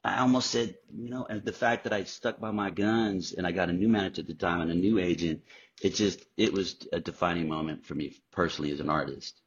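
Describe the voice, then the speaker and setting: A middle-aged man, a guest actor, telling animated, profane stories in a casual interview. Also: deep voice, brisk, slight background noise. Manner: animated, profane storyteller acting out quotes. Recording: dull lo-fi podcast audio.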